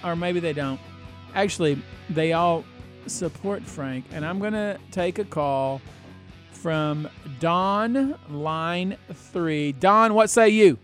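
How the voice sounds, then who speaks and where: A man's voice: on the high side, slow pace, fairly bright tone, faint music behind. A man hosting a talk radio call-in show, teasing and jokey as he takes calls. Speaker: host.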